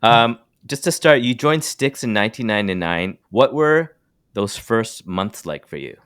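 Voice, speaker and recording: A man's voice: lowish voice, expressive, moderate pace, a bit bright, clean tone, no room sound. A man hosting a podcast, asking loose, friendly questions with many fillers. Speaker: podcast host. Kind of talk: interview host.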